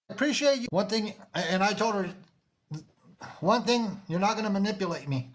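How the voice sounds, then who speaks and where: A man's voice: sits high, lively intonation, normal speed. A man with a Mexican-American accent hosting a livestream, scolding and calling out viewers in an insistent way, often repeating himself. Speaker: livestream host. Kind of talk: confrontational livestream talk.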